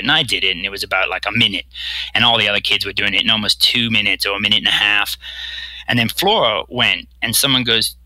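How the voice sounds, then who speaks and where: Bright rambling man from Bermuda. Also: lowish voice, fairly even intonation, fairly quick, no echo, low-quality recording. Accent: American-tinged. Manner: rambling, repeats words, acts out quotes. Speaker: guest, professional triathlete. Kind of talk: casual storytelling interview.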